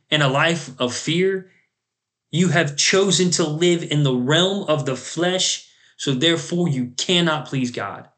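A man's voice: fairly high pitch, a bit bright. A man hosting a faith podcast, delivering an earnest, emphatic preaching monologue and quoting scripture. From United States. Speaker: podcast host.

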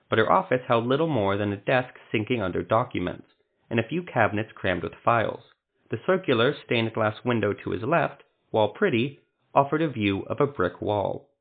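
Low-voiced man narrating a fantasy tale. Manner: steady, descriptive reading. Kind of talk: scripted fantasy story narration. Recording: phone-like narrow sound.

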